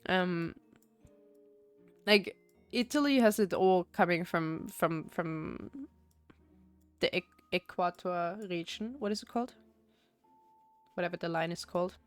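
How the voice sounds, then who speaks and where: Low-pitched and a little slow, this young woman from Austria pauses often as she talks over her game stream, her tone clear and resonant. She rambles casually, full of fillers and restarts, with faint music in the background.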